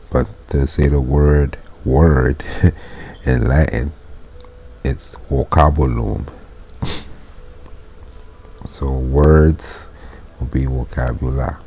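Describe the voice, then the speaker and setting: A man giving a casual Latin lesson. He reads Latin phrases slowly, then explains them in plain, informal English. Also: extremely low pitch, mellow, slight background noise. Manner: informal, chuckles while explaining. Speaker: Latin teacher.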